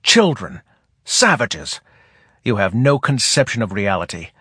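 Dude reading as a deep hoarse angry colonial officer, bitter and harsh, slow. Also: male voice, big pitch swings, bright, forceful tone, no room sound, studio quality, full character voice. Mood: raging. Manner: harsh, savage outbursts. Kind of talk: audiobook character reading.

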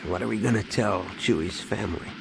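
A man voicing a grieving middle-aged starship captain, talking quietly with a breaking voice. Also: fairly low pitch, fairly quick, vocal fry, noisy background.

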